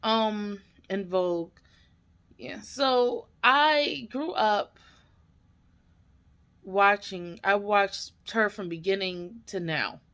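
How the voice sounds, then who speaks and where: A woman's voice: medium pitch, very slow, long pauses, a bit bright. A woman hosting a reaction video, talking casually and emotionally, tearful and rambling with many fillers and restarts.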